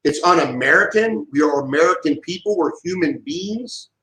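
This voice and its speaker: A man's voice: on the high side, animated, moderate pace, sharp tone, reverberant, poor audio. A middle-aged man delivering an impassioned monologue, heated and emphatic, often repeating himself. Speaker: vlogger giving a political rant.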